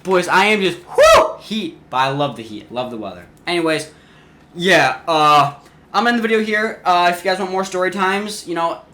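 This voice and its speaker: A teenage boy vlogger telling a casual story-time tale in an animated way, often restarting his sentences. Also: high voice, fairly quick, slight background noise. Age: teens. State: sweating in the heat.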